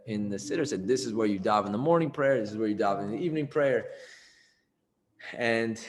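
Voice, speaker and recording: A man telling a story in a loose, chatty way with lots of fillers. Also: mid-range voice. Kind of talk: casual storytelling.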